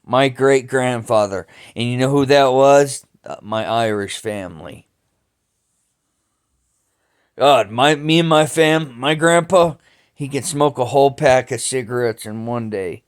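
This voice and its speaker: A man talks through his family history at an unhurried pace, often stopping and restarting his sentences. His voice is smooth and clear. His speech is loose and rough, with casual swearing. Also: mid-range voice. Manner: slow, halting, with many restarts and cursing. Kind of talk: rambling family storytelling.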